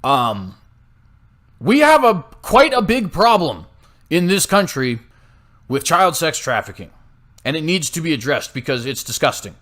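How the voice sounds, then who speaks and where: A man's voice: fairly high pitch, sing-song, unhurried, long pauses, a bit bright. A young American man hosting a political commentary show, delivering a heated, sarcastic monologue with frequent "right?" tags. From United States. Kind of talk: opinionated monologue.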